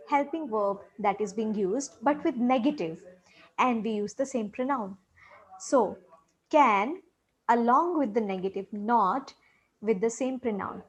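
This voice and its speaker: A woman teaching a short English lesson on intonation, patiently repeating example questions with exaggerated rising and falling tones. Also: on the high side.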